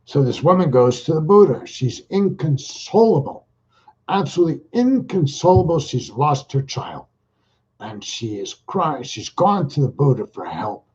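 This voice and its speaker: A man with a husky, slightly rough voice talks in a loose, folksy monologue full of slang. He speaks straight to his listeners. The recording is muffled and lo-fi. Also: a little high, big pitch swings, measured pace, darkish tone. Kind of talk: casual rambling monologue.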